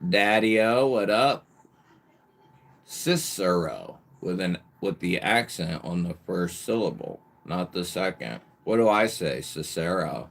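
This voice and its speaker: A man hosting a casual live stream, greeting viewers by nickname with lively bursts of emphasis and the odd swear word. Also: sits low, unhurried, vocal fry, few pauses. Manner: occasional mild swearing. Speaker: livestream host.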